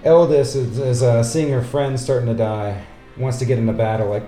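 A man's voice: mid-range voice, lively intonation, normal speed. A man narrating as game master in a casual, rambling way. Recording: echoey room with loud music.

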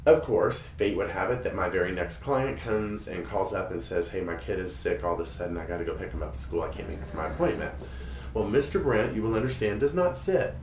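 A man with a lowish voice tells a story with animated energy. He brings the people in it to life with quoted voices. He sounds a little away from the mic in a roomy space with faint ambience. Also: brisk, a little hiss or hum. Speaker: hairstylist and guest storyteller. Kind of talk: casual storytelling chat. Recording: roomy, a bit distant, faint room ambience.

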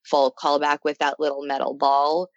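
A woman's voice: low voice, level tone, normal speed, no room sound. A woman chatting casually, rambling eagerly as she explains. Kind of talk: casual chat. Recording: dull, dry sound.

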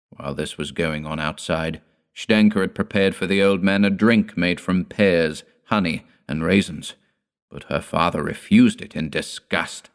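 A man narrating an audiobook in a measured, grave storytelling manner. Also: sits low.

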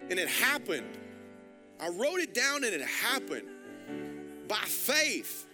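A man's voice: high voice, wildly swooping pitch, a little slow, bright, forceful tone, soft background music. A male pastor preaching a sermon, urging the congregation on with repeated calls to write things down. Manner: urgent, repetitive exhortation with call-and-response.

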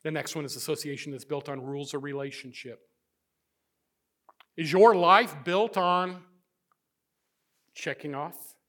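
Pastor guy preaching, fairly high voice, goes from loud to real quiet. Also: measured pace, long pauses. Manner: dynamic preaching, swinging from loud to hushed. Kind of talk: sermon.

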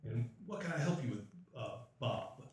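A man's voice: mid-range voice, expressive, normal speed, heavy reverb, recorded from a distance, natural voice. A man voicing a shady, evasive male informant who grumbles about the rich, in a tabletop game. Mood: wheedling.

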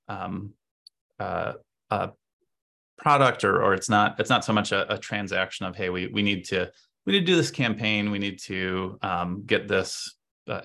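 A man's voice: fairly low pitch, vocal fry, a bit bright. A man, a podcast guest, giving long, explanatory answers in a casual interview and thinking aloud as he goes. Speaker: podcast guest, agency co-owner.

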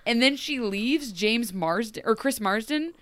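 With a slightly high voice and an unhurried delivery, this podcast co-host chats about a TV episode she's recapping. She's animated, voicing the characters' lines mid-story, and the recording is dry.

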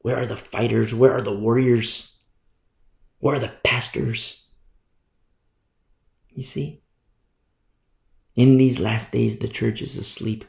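A man's voice: mid-range voice, gravelly, a little mellow. A male pastor preaching a fervent sermon, driving points home with repetition. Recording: roomy echo.

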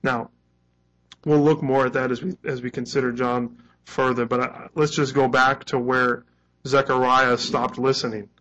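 A man's voice: medium pitch, flat delivery, normal speed, a bit bright, rough recording. A man preaching a sermon in a conversational way, acting out the quoted lines and chuckling now and then. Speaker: pastor.

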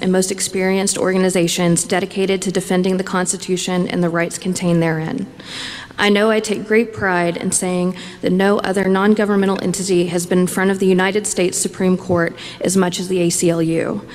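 A woman serving as a legal director, giving a formal, measured prepared statement at a hearing. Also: mid-range voice, darkish tone, big-room sound.

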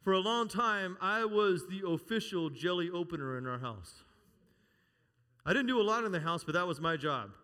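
A middle-aged man preaching a sermon, animated and playful, calling out to the congregation and telling humorous stories from home. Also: high-pitched, normal speed. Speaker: pastor. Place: church sanctuary. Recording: long reverb of a large hall.

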